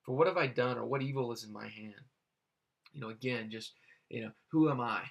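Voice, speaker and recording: A man's voice: mid-range voice, creaky. Man reading and explaining scripture. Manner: halting, many fillers and restarts. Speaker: Bible teacher.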